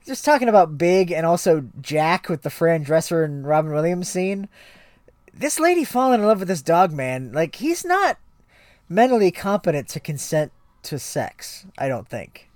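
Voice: mid-range voice, big pitch swings, moderate pace, darkish tone, no room sound. Rambling, profane podcast co-host on a dry close mic. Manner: rambling, many restarts and fillers, swears. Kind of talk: casual comedic chat.

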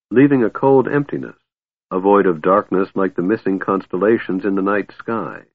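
A man narrating a fantasy audiobook in a measured, expressive way. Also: lowish voice, no echo. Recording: dry, phone-like narrow band.

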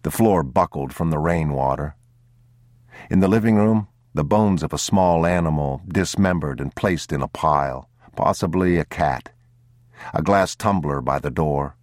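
A man narrating a literary audiobook in a measured, somber way, close to the mic. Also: very deep voice, no echo.

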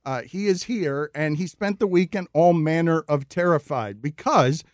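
A man with a high voice hosts a casual podcast chat, his speech getting worked up and animated. The sound is dry and close. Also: moderate pace, dry recording. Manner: animated, rising into exasperated retellings. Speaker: podcast host.

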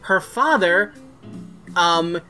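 A man's voice: high-pitched, animated, very slow, pushed and bright, soft background music. A man co-hosting a podcast in casual chat, hesitant with many fillers. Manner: hesitant, lots of "like" and "um". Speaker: podcast co-host.

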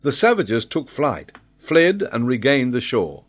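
Male audiobook narrator, dramatic delivery, unhurried, lively pitch. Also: breathy edge. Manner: expressive, dramatic reading. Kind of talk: reading a classic novel aloud.

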